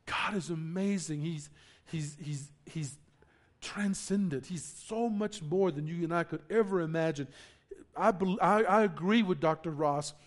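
Speaking at a measured pace, a high-voiced pastor preaches with emphasis, swelling into loud declarations on important phrases before sinking low to explain. He repeats words and often questions his congregation.

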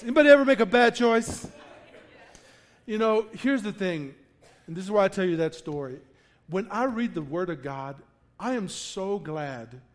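A pastor preaching to a congregation, telling a funny story with acted-out quotes before turning to the lesson. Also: male voice, sits high. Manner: animated storyteller, acts out quotes with laughter. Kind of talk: sermon with a personal story. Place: church in front of a congregation.

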